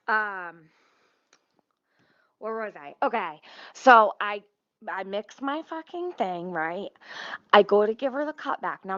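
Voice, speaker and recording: A woman telling a story in a fast, indignant, profane casual rant full of fillers. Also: medium pitch, fairly bright tone, no echo. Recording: dull, dry lo-fi sound.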